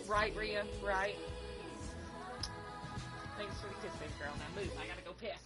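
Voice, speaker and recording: A woman's voice: medium pitch, moderate pace, pauses often, over music, poor audio. A woman streamer chatting casually and profanely with her viewers, teasing and laughing. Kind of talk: casual live-stream chat.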